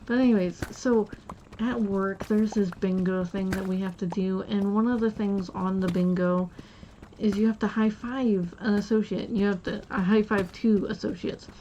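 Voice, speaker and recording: A woman's voice: medium pitch, fairly even intonation, moderate pace, mellow, lo-fi sound, a little hiss or hum. A woman live streamer chatting casually while she plays, rambling through stories with restarts and giggles.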